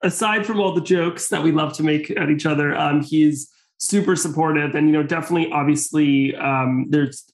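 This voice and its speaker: A man's voice: a little high, moderate pace, few pauses, roomy sound. A man of twenty, a guest on an interview show, polite and upbeat, with many ums. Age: 20s. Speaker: guest chef. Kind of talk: casual interview chat.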